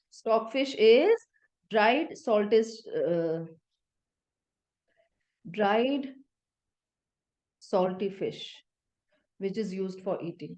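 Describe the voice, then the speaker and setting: A woman's voice: medium pitch, a little mellow, highs cut off. A woman teacher, explaining a play line by line and paraphrasing each line in simple words.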